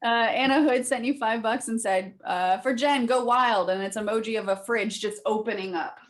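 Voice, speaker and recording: A woman's voice: a little high, moderate pace. A woman co-host reading out donation names and messages on a video call, chipper with light laughs.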